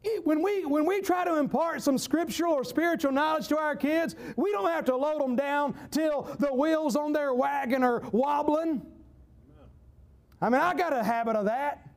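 A man with a Southern US accent preaching a sermon, folksy and emphatic, repeating key phrases and breaking into shouts. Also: very high voice, normal speed, creaky.

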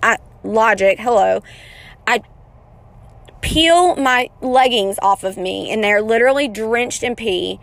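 A woman's voice: a little high, unhurried, creaky, dry recording. A woman in her thirties telling an embarrassing story in a casual, chatty way, often poking fun at herself. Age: 30s. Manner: chatty, self-mocking, animated retelling.

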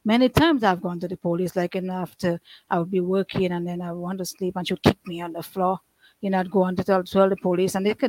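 A woman's voice: fairly low pitch, steady tone, fast talker, darkish tone, no echo, low-quality recording. A middle-aged woman telling her life story in an earnest, rambling way, with many restarts and loose grammar. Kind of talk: emotional personal testimony.

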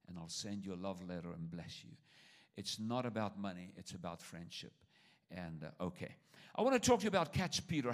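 Accented preacher with big swings in voice. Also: male voice, lowish voice. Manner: emphatic, swings between loud exhortation and quiet asides; speaks with a foreign accent. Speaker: traveling preacher. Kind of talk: sermon. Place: church service.

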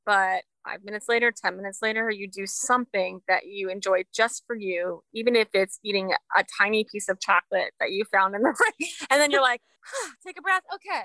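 A woman's voice: mid-range voice, a little fast, hardly any pauses, bright, forceful tone, no echo, poor audio. A woman musician as a podcast guest, talking earnestly and rambling a little, with frequent laughs. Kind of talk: casual interview chat.

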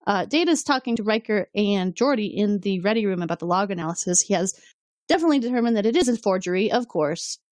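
A woman's voice: medium pitch, quick pace, dry recording. A woman co-hosting a podcast, casually recapping an episode and acting out characters' lines. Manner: animated, acts out characters' lines in quotes. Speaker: podcast co-host.

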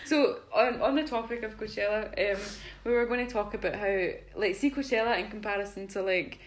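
A woman's voice: medium pitch, fairly quick, slight background noise. A young woman co-hosting a podcast in casual chat, agreeable and giggly. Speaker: podcast co-host.

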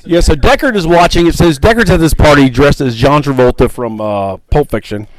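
A man's voice: fairly high pitch, brisk, dry recording, poor audio. A man co-hosting a casual movie review podcast, rambling with lots of fillers and frequent laughter. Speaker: podcast co-host.

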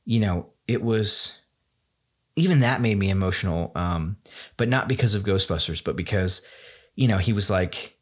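A man with a lowish voice hosts a solo podcast from a room at home. He rambles with eager enthusiasm, leaning on fillers and starting sentences over and over. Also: normal speed. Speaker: podcast host.

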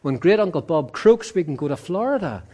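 A wheedling little toddler boy, as a preacher puts him on. He pleads with his great-uncle in a sermon joke, in a voice a little higher than an ordinary man's. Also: big pitch swings, fairly quick, dark tone, husky. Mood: pleading.

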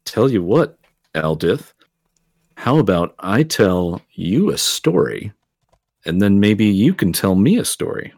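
A man's voice: fairly low pitch, very animated, darkish tone, no room sound, clean studio sound. A man playing a tabletop game who speaks hesitantly and tells stories in character. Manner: slow, hesitant. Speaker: player. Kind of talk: tabletop role-play.

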